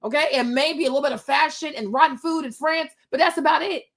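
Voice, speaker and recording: A woman's voice: high-pitched, fast. A woman hosting a commentary show, ranting in a brash, mocking, emphatic way. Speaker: host.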